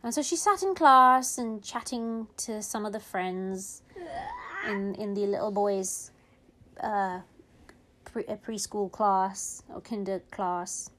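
A woman telling a funny story in a chatty, animated way, acting out the characters' voices. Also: mid-range voice, slow pace. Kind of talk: casual storytelling.

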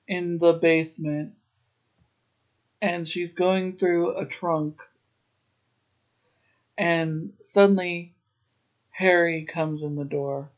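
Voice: medium pitch, steady tone, slow, pauses often. A podcast host casually recapping a TV episode, adding chatty, opinionated asides. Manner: retells scenes, briefly voicing the characters' lines.

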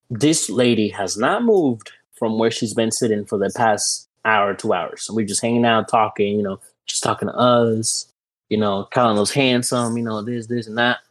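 A young adult man on a podcast tells a story casually and with energy, peppering it with "you know" and "dude." His pitch is medium and the recording quality is low.

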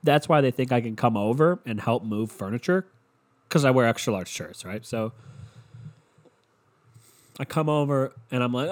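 A man's voice: mid-range voice, lively intonation, normal speed, pauses often. A young man with a stuffy nose from a cold hosts a solo podcast from his room, rambling, sarcastic and swearing constantly, close on a handheld mic. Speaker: podcast host. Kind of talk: casual solo podcast rant. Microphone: handheld mic held close to the mouth.

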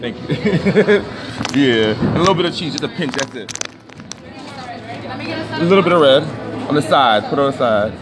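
A man's voice: medium pitch, animated, normal speed, long pauses, a crowd in the background. Playful flamboyant man on a noisy street. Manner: playful, flamboyant, joking with strangers. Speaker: podcast host. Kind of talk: casual street monologue. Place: outdoors on a city street and in a restaurant. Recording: noisy outdoor city ambience.

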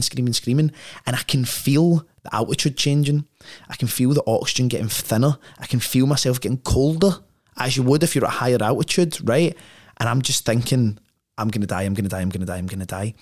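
A man's voice: medium pitch, brisk. A man, a podcast guest telling a story in a casual, slangy way, full of "like" and "right?".

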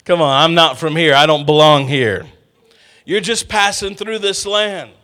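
A man's voice: fairly high pitch, a little slow. A middle-aged man preaching a sermon, calling out to the congregation and drawing responses. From Texas. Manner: lively, call-and-response with congregation.

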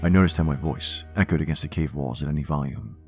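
A man narrating a first-person horror story in a measured, wry, reflective way. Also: a bass voice, darkish tone. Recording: faint music bed under narration.

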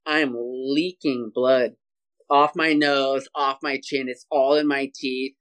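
A man tells a story as a podcast guest, animated and energetic, throwing in "dude" often. His voice sits at an ordinary middle pitch, and it comes through a video call. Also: slow pace. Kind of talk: casual storytelling interview.

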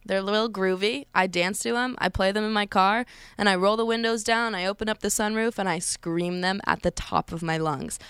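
A woman's voice: medium pitch, brisk, a bit bright, smooth, no echo. A young woman hosting a college radio show, chatting casually and gossiping with a laugh.

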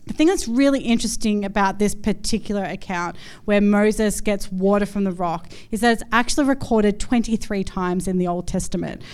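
A woman's voice: medium pitch, normal speed, a little mellow, clear, resonant tone. A woman in her thirties, a pastor giving a chatty, conversational sermon full of everyday stories and fillers. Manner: chatty, storytelling, many fillers.

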